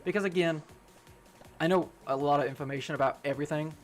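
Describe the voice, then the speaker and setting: This young man talks fast in a highish voice, with faint music in the background. While streaming a game he rambles through a story about work, casual and profane, laughing often.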